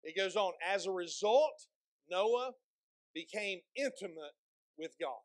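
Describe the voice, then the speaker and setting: A male pastor preaching a sermon, asking the congregation questions and slowing down to read scripture aloud with emphasis. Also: high voice, expressive, no echo. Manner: slows and stresses when reading scripture aloud; repeats words and restarts phrases, asks the congregation questions.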